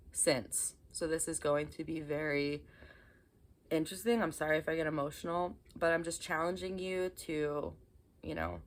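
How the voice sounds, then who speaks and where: Young woman vlogger, low voice, chatty and apologetic with lots of ums. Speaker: vlogger talking about inner child healing. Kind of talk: casual talk to camera.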